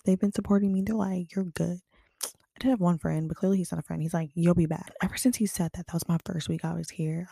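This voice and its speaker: A woman's voice: lowish voice, gravelly, mellow, no echo, studio quality. A young woman from Kansas City chatting frankly to her viewers, full of fillers. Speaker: vlogger. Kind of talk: casual storytelling to camera.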